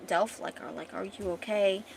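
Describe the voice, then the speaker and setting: A woman voicing a gentle, anxious young man, speaking quietly as she reads a comic aloud. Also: mid-range voice, steady tone, moderate pace, gravelly, slight background noise, natural voice. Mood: worried, tender.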